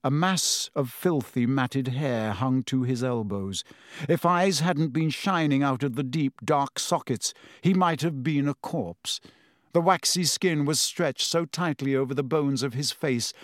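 A man reading an audiobook in a measured, dramatic storytelling manner. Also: mid-range voice, no room sound, studio quality. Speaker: audiobook narrator. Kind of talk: scripted narration.

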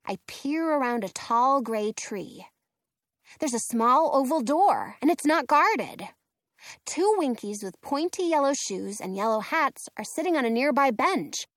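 A woman narrating a children's storybook in first person, in an expressive, playful way. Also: on the high side, no echo, clean studio sound. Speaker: audiobook reader.

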